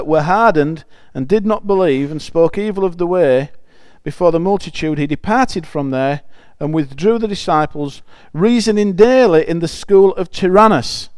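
High, smooth-voiced preacher. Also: male voice, darkish tone, no echo. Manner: chatty and emphatic, with frequent restarts. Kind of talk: conversational sermon with scripture reading.

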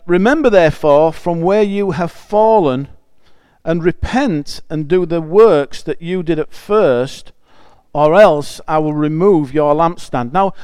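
A man's voice: fairly high pitch, lively intonation, unhurried, darkish tone, clean tone, no echo. A man preaching a conversational sermon. He reads scripture aloud and explains it in a chatty, emphatic way, often restarting phrases.

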